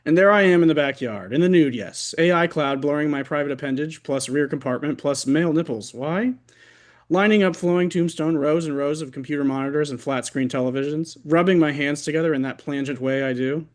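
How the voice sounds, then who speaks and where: A man at an open mic reading his own fiction aloud over a video call, in a wry, deliberate way. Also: on the high side.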